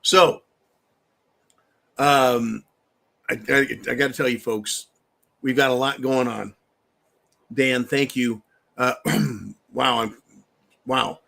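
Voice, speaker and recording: A man's voice: mid-range voice, steady tone, takes it slowly, vocal fry, pauses often, a bit bright. A man hosting a live stream, talking loosely and rambling, swearing freely and taking shots on air. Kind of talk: casual political livestream talk.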